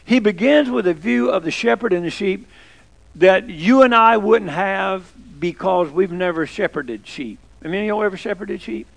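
Folksy preacher with a gravelly voice. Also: male voice, high voice, normal speed. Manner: conversational, asks the congregation questions. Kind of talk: folksy sermon.

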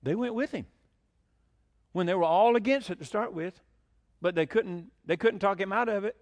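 A man preaching a sermon as pastor, animated, asking rhetorical questions and chuckling between points. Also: high-pitched, normal speed.

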